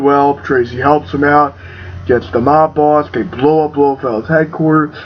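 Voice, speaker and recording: A young man giving an excitable, casual film review, full of fillers and swearing. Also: on the high side. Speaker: movie reviewer. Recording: dull lo-fi home recording with faint hiss.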